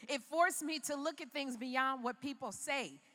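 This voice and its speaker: A woman's voice: high-pitched, a little slow, sharp tone, long reverb tail. A woman from Chicago giving a motivational keynote speech in a large arena, telling her story in an emphatic, preacher-like way. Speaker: keynote speaker.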